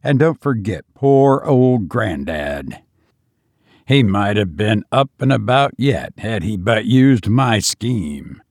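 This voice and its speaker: A man's voice: fairly low pitch, sing-song, slow pace, darkish tone, no room sound, studio quality, full character voice. A man voicing a stubborn, scornful old man on his deathbed. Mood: defiant. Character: dying, defiant wealthy old man.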